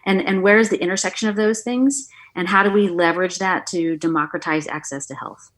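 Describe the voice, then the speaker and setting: A middle-aged woman, a guest on an interview show, telling her story with lively energy and acting out the dialogue. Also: on the low side, a little fast. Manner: animated storyteller, acts out quoted dialogue. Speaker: guest, author and former acupuncturist.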